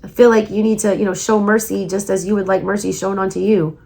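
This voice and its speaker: A woman with a Southern US accent giving a casual tarot reading, emphatic and repeating her points, her voice going hoarse. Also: mid-range voice, level tone, quick pace, mellow. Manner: emphatic, repeats herself, urging viewers. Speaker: tarot reader.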